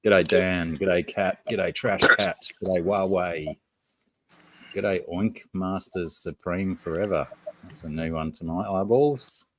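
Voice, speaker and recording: Deep-voiced Australian man chatting. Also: takes it slowly, fairly bright tone, poor audio. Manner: chatty, greets chat viewers by name. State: has a headache. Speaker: livestream host. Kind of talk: casual livestream chat.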